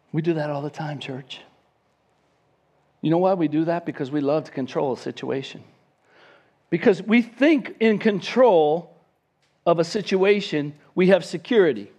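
A man preaching a sermon as pastor, lively, acting out quoted voices. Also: mid-range voice. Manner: animated, acts out the disciples' voices.

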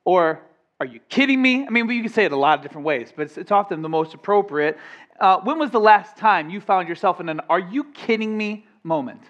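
High-voiced energetic preacher man. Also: fairly quick, muffled recording. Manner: energetic, playful, emphatic preaching. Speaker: pastor. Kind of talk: sermon.

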